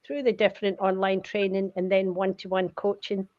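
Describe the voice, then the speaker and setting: A woman's voice: mid-range voice, level tone, darkish tone, a little hiss or hum. An older Scottish woman, retired career coach, chatting and telling stories as a guest on a video call. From Scotland. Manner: chatty, storytelling, quick to laugh. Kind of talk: casual chat on a video call. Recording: muffled lo-fi video call audio.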